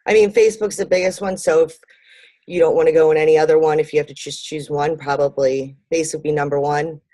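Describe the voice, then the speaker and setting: A woman with a low, mellow voice answers interview questions in a relaxed, rambling way, full of ums and little laughs. The sound is dry and close. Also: fast, no room sound. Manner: lots of ums and fillers, laughs easily. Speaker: interview guest, marketing business owner. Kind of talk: conversational interview.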